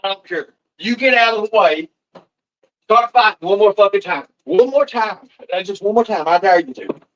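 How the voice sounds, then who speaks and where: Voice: medium pitch, expressive, moderate pace, fairly bright tone, lo-fi sound. A livestreamer, talking casually and profanely while scolding pets. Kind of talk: casual live-stream chat.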